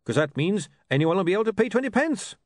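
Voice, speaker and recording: A shrewd dwarf printer, calm and blunt, talking business in a slightly raised, lively voice, as a man puts him on. The reading is close and dry, as in a storybook recording. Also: high-pitched, quick pace, no echo, pitched above the performer's own voice. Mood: businesslike.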